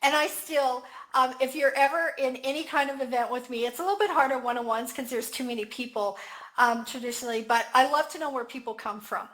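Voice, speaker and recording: Woman with a high voice, chatty and enthusiastic, lots of ums. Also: fairly quick, fairly bright tone, poor audio. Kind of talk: casual conversation.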